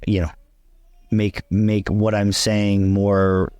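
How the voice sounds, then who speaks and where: A young man in casual chat, blunt and emphatic, dropping swear words as plain talk. His voice sits low, recorded close and dry with no room sound. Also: completely flat delivery, takes it slowly, darkish tone, clean tone, no room sound. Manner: repeats himself for emphasis. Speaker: vlog co-host.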